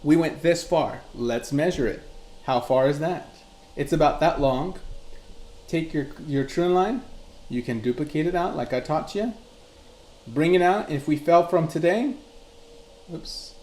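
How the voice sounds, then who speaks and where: A man's voice: fairly high pitch, a little slow, pauses often, a little mellow. Casual man streaming chart lessons, roomy sound. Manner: reads chat aloud, loose and conversational. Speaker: crypto chart analyst hosting a live class. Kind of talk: live-streamed chart tutorial. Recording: roomy echo.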